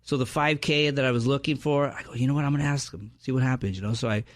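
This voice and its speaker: A man's voice: mid-range voice, no room sound, studio quality. A man co-hosting a podcast, telling a story in casual chat and acting out his friends' lines. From San Diego area. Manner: fast, animated storyteller, acts out friends' lines. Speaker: podcast co-host.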